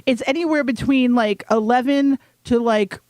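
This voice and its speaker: A woman's voice: on the high side, moderate pace, darkish tone, dry recording. A woman co-hosting a podcast, chatting casually with enthusiasm and frequent giggles. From Puerto Rican from New York. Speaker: podcast co-host. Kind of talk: casual chat.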